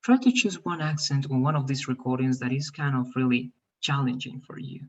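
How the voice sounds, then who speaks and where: Husky man teaching over a dull line. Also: mid-range voice, brisk. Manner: repetitive, checks in with "all right?". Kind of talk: online class instructions.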